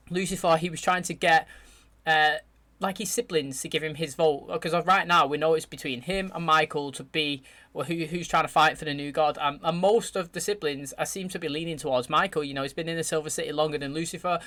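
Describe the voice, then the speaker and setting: A man hosting his channel, chatting excitedly as he reacts to a show's finale and addresses his viewers directly. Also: on the high side, fairly quick. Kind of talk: casual reaction commentary.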